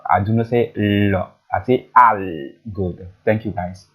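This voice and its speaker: A man teaching French pronunciation, repeating each word slowly so learners can drill it. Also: lowish voice, fairly bright tone, slightly rough, rough recording. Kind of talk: pronunciation lesson.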